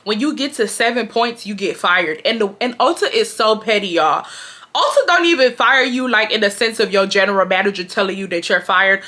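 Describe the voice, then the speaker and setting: A young woman from Houston, telling a storytime to her viewers in a slangy, emphatic, animated way. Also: medium pitch, a little fast. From Houston, Texas. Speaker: YouTuber. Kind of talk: casual storytime vlog.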